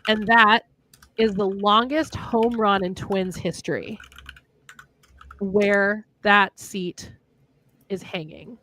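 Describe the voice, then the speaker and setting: A woman's voice: medium pitch, fairly even intonation, slow pace, long pauses, pushed and bright, slight background noise. A young woman from Minnesota chatting on a livestream, rambling through fun facts. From Minnesota, USA. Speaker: livestream co-host, author. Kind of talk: casual chat.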